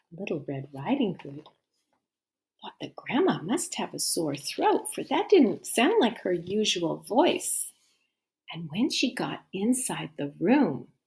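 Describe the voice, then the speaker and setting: A woman with a mid-range voice reads a children's story aloud, pausing to ask the young listeners questions and frequently dropping into a hush.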